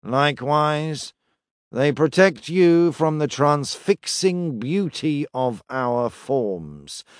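A pompous male temple tender from an audiobook fantasy, intoning every word slowly in a flat, vaguely nasal monotone, as a male narrator puts him on. He sounds self-important and solemn, in a dry, close recording. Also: mid-range voice, no echo.

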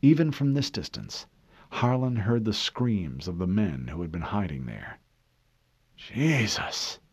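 Male narrator, low and lively delivery, measured dramatic reading, dry dull sound. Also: slightly rough, dry recording. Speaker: audiobook narrator. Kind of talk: scripted narration.

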